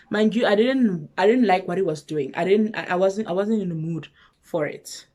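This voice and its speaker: A woman with a South African accent telling a personal story on her vlog, lively, with hushed asides. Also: mid-range voice, moderate pace. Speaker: vlogger.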